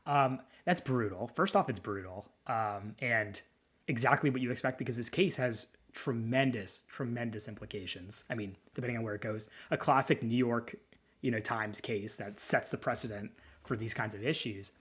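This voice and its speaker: A man's voice: mid-range voice, normal speed, a bit bright, husky. A man in his thirties, a lawyer co-hosting a podcast, talking in a rambling, candid, sentimental way with frequent restarts. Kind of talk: casual chat.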